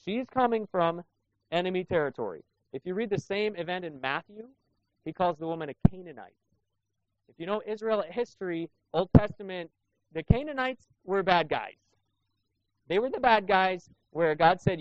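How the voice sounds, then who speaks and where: Conversational pastor. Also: male voice, sits high, expressive, normal speed, dry recording. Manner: conversational preaching, rhetorical questions to the congregation. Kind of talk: sermon. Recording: dull lo-fi sound.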